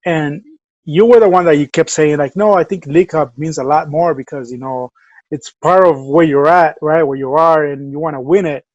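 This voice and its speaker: A man's voice: on the high side, moderate pace, a little mellow, dry recording, highs cut off. Man with a Salvadoran accent, chatty. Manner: rambling, many fillers and restarts. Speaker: podcast co-host. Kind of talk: casual chat.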